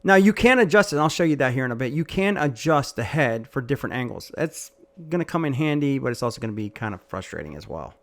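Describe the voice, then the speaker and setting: A man's voice: medium pitch, very animated, quick pace, few pauses. A man giving a casual, joking product demonstration outdoors while washing a truck, chatty and self-deprecating. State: out of breath. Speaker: tool reviewer.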